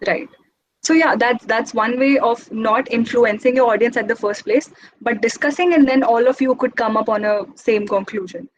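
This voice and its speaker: A young woman giving an informal talk as guest speaker, speaking quickly in a chatty, encouraging way. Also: on the high side, slight background noise, poor audio. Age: young adult.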